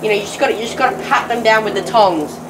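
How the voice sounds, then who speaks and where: A woman with an Australian accent doing a jokey, slang-heavy comedy how-to vlog with excitable exclamations, outdoors in a backyard. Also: medium pitch, quick pace, a crowd in the background. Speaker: comedy vlogger. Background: sizzling food on a grill.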